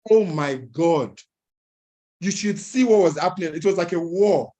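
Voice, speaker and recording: Speaking to an entrepreneurs' audience, a young adult man shares a lively personal anecdote, laughing and performing other people's dialogue. His pitch is a little high, and he takes his time.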